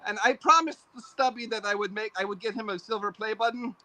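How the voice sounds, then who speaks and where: A man's voice: high voice, brisk, sharp tone, no echo, low-quality recording. An older man, a show host, chatting as a podcast guest in a rambling, self-deprecating way. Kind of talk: casual podcast chat.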